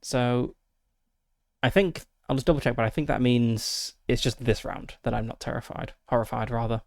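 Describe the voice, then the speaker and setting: A man with a steady, mid-range voice, creaky and somewhat dark in tone, casually narrates a solo tabletop game at normal speed. He methodically reasons aloud through dice rolls and rules, using lots of fillers. The close desk mic gives a dry recording.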